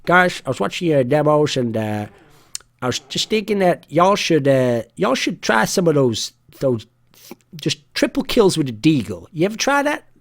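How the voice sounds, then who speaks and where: A man putting on a shy young male pro gamer with a clumsy southern drawl, rambling and halting. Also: fairly high pitch, big pitch swings. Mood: boastful.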